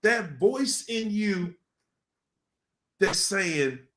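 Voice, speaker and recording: A man speaking to a room in a loose, storytelling way, full of slang and lively asides. His voice sits a bit high for a man and moves around as he goes. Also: drawn-out words. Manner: colloquial, animated storytelling. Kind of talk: casual motivational talk.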